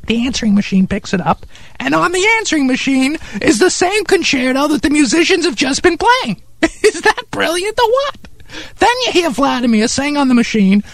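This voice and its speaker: A man doing a shrill, gravelly, pompous oddball. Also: normal speed, dry recording, full character voice. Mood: excited. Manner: pompous, excitable, condescending. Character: eccentric high-voiced man named Harry, pompous about bizarre music. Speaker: sketch character. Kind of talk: comedy radio sketch.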